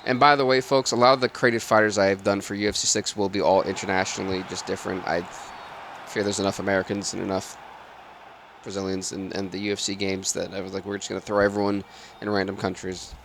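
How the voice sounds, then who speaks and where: A man's voice: sits low, fast, a little hiss or hum. A man giving casual play-by-play of a football video game, flaring up at big plays and muttering side remarks. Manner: excitable play-by-play that drops to mumbled asides. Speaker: gaming channel host. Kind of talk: solo video game commentary.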